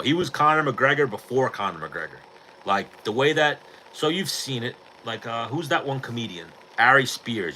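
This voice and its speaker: A man's voice: mid-range voice, sharp tone, a little hiss or hum, low-quality recording. A man hosting a podcast in casual chat, talking bluntly with lots of swearing and rambling asides. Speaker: podcast host.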